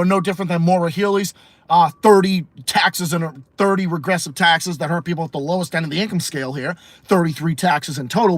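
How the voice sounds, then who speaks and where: A man's voice: fairly high pitch, no echo. A man from Massachusetts with a Massachusetts accent, hosting a livestream podcast and ranting bluntly with heavy swearing while answering chat. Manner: profane, blunt and opinionated. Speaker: podcast host.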